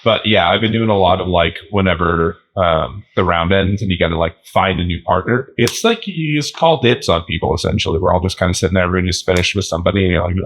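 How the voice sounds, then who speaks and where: A man co-hosting a podcast in casual chat, animated and laughing often, slipping into joke accents. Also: low voice, quick pace, hardly any pauses. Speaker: podcast co-host.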